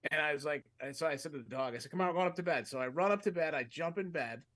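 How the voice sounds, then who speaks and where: A man with a fairly high voice spins a long, loose story on a comedy podcast. He rambles, cuts himself off and chuckles through his own sentences. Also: racing. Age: adult, with a fiance. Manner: rambling, animated, self-interrupting, laughs mid-sentence. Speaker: podcast co-host.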